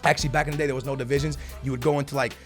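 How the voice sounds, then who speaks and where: Fast-talking, slangy young gaming commentator. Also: male voice, mid-range voice. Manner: animated, slangy, addresses viewers as bro and man. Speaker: gaming YouTuber. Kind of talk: casual gameplay commentary. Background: faint background music.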